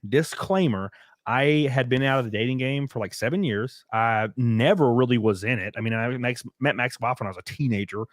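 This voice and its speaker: A man's voice: medium pitch, fairly quick, no echo, clean studio sound. A man in his twenties hosting a live stream, telling a crude story in a rambling way with many fillers and restarts. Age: 20s. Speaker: stream host.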